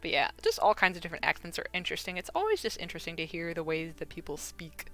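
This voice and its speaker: A woman's voice: on the low side, very animated, quick pace, bright, forceful tone, soft background music. A woman with a Midwestern American accent chatting casually on a live stream while she crafts, rambling and filling with "like" and "you know.".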